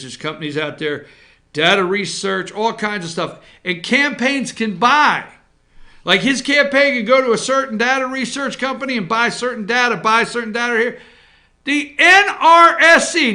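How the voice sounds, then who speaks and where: Guy ranting politics, real high bright voice, sarcastic n fired up. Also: normal speed. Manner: sarcastic, indignant, swearing. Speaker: political talk show host. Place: office.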